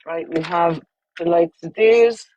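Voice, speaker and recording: A woman's voice: fairly low pitch, slow, warm tone, dry recording, dull audio. An Irish woman with children, chatting bluntly and crudely on a casual livestream, rambling from topic to topic. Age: adult, with children.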